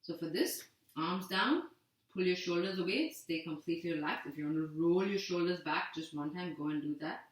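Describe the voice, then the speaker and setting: A woman yoga teacher giving calm, gentle guided breathing instruction with steady repeated cues. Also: lowish voice, moderate pace. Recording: echoey room, voice from a distance.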